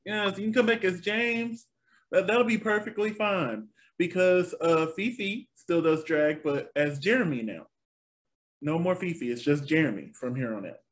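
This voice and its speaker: A man co-hosting a casual review chat show, animated and quick to laugh, with a bouncy, exclamatory delivery. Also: high voice.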